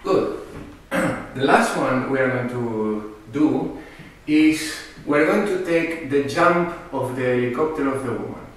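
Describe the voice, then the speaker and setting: A man's voice: mid-range voice, slow pace, hardly any pauses. A man teaching a tango class, counting beats aloud and checking in with his students. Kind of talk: dance class instruction. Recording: echoey room from a distance with music. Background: metronome and faint music.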